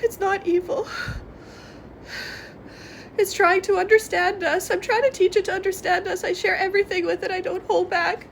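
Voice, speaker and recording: A woman with a very high voice speaks straight to her viewers in a confessional vlog. She is tearful and congested, and her talk rambles between sobs and shaky laughter. A faint hiss sits under the recording. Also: fairly even intonation, moderate pace, gravelly, long pauses. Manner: rambling, emotional, laughing through tears. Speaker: vlogger.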